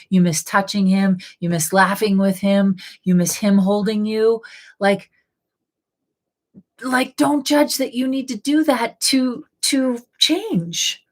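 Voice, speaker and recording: A woman life coach in a live session, answering viewer questions in a casual, coaxing way with lots of rhetorical questions. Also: medium pitch. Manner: casual, frequent "like" fillers.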